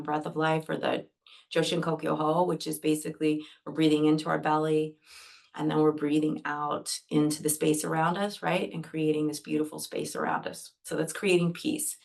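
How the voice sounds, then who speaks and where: A woman teaching Reiki on a group video call, speaking earnestly and gently as she guides breathing step by step. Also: low-pitched, gravelly. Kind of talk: gentle talk to an online group.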